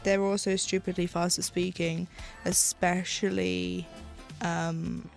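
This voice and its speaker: A woman's voice: lowish voice, level tone, takes it slowly, gravelly, soft background music. A British woman streaming live, chatting casually while she cross-stitches, rambling and losing her thread. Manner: rambling, chatty, loses her train of thought.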